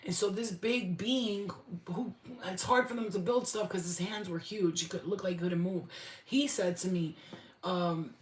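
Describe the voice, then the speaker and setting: Excitable, slangy woman livestreaming. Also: medium pitch, a little slow, reverberant, poor audio. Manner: excitable, slangy, swears freely. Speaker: spiritual livestreamer. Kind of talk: casual livestream chat.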